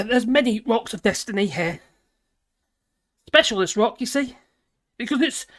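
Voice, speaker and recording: A woman's voice: a little high, fairly bright tone. An older woman, hosting a live stream and chatting casually with viewers in a rambling, jokey, cheeky way.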